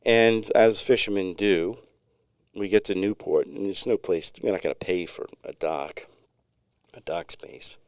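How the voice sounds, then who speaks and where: Middle-aged guy on a podcast, real low smooth voice, rambles through a story, laid-back, dry sound. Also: measured pace, dry recording. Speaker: podcast co-host. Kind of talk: casual storytelling chat.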